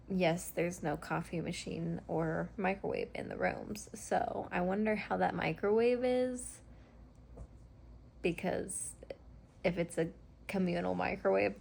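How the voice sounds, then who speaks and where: A woman talks through a rambling, casual vlog in a hotel room. She swears freely and leans on plenty of fillers. Her voice has a gravelly edge, with faint background noise. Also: on the low side, fairly even intonation, unhurried, a little mellow. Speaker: vlogger.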